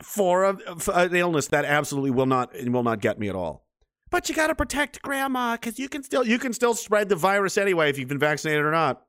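A man's voice: high-pitched, big pitch swings, a little fast, a bit bright, dry recording, clean studio sound. A man ranting sarcastically and swearing freely, reading and answering his chat in a livestream.

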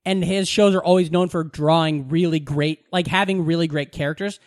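A man's voice: fairly high pitch, fairly even intonation, a little fast, no echo, studio quality. A man co-hosting a casual podcast chat, rambling and profane, often laughing at his own jokes. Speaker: podcast co-host.

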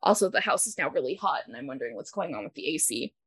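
A woman co-hosting a casual chat, retelling a story in a chatty way with laughter and halting restarts. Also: low voice, sing-song, fairly bright tone, husky, no room sound. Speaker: podcast co-host.

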